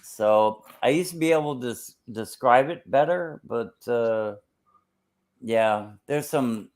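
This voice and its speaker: A man's voice: medium pitch, slow, a little mellow. A man hosting a casual chat, rambling and searching aloud for words.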